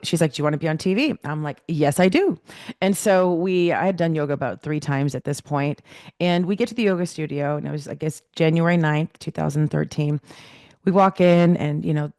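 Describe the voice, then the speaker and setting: A middle-aged woman telling a personal story as a podcast guest, animated and acting out the dialogue she remembers. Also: sits low, no room sound, studio quality.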